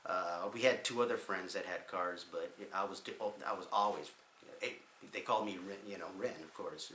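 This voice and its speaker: Man, thirties, vlogger, casual rambling storytelling, low voice, roomy echo. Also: steady tone, brisk, sharp tone, a little hiss or hum. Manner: rambling, with many fillers and restarts.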